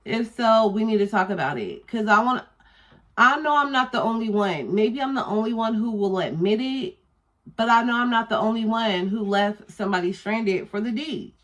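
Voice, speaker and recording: A woman's voice: fairly high pitch, lively intonation, normal speed, a bit bright. A young woman telling a candid, profane storytime to her vlog audience in a casual, drawling way. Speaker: YouTuber.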